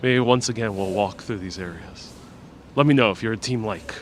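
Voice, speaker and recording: A man hosting a casual walking live stream outdoors on city streets, joking deadpan and reading out viewer comments on a clip-on mic. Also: on the low side, normal speed, slight background noise. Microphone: wireless clip-on mic while walking.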